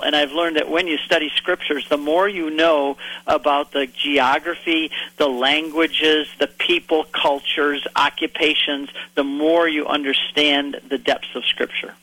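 A man telling lively travel anecdotes as a radio interview guest. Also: a little high, no room sound, rough recording. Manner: enthusiastic, vivid anecdotes.

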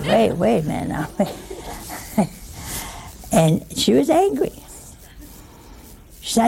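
A woman's voice: medium pitch, big pitch swings, slow pace, vocal fry, pauses often, a little mellow. A woman giving a chatty sermon, teasing her listeners with rhetorical questions and humor. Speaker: religious teacher. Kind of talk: conversational sermon.

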